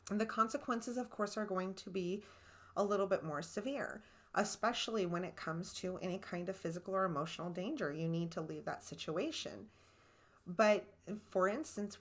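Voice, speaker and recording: A woman's voice: medium pitch, a bit bright. A woman co-hosting a marriage podcast, earnestly explaining boundaries with worked examples from her own marriage. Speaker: podcast co-host. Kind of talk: relationship advice talk.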